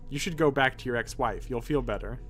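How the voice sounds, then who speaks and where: A man voicing a blunt, nosy female barista in a text adventure game, brisk and matter-of-fact. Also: medium pitch, fairly bright tone, soft background music, lightly acted.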